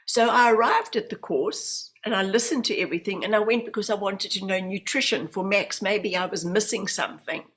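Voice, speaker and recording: She speaks fairly quickly at medium pitch, with hardly any pauses, as she recounts personal stories as a podcast guest. A New Zealander in her fifties who works as a medium and hypnotherapist, she's a vivid storyteller who acts out the voices she quotes.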